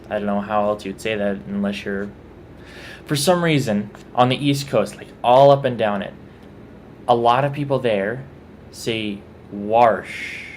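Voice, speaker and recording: A man's voice: fairly low pitch, a little hiss or hum. A man from Texas with a Texan accent, reading out a word list and casually commenting on how he says each word. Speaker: vlogger.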